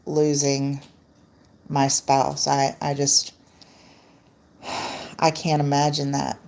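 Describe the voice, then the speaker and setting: A woman hosting a casual livestream, reading out and answering viewer comments and laughing often. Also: deep voice. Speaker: livestream host. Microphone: laptop.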